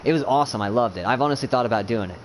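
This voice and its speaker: Medium-pitched and very fast, a streamer rambles about his gaming team in casual conversation, swearing and restarting often amid plenty of fillers. There's a little background noise.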